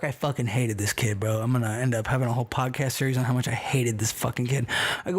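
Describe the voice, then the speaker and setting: A man's voice: mid-range voice, big pitch swings, fast talker. A man, a guest on a casual podcast, telling stories in a rambling, profane, slang-heavy way.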